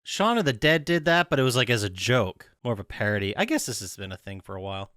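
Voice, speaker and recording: A man's voice: medium pitch, big pitch swings, fast talker, fairly bright tone, dry recording. A man co-hosting a podcast, casual and wry, dropping game trivia. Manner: dry, wry asides. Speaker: podcast co-host. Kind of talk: casual chat.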